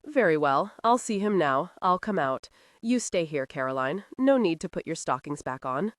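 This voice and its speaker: A woman's voice: low voice, very animated, normal speed, no echo, studio quality. A woman voicing a brooding, short-tempered young nobleman who talks in a curt, commanding way in an audiobook.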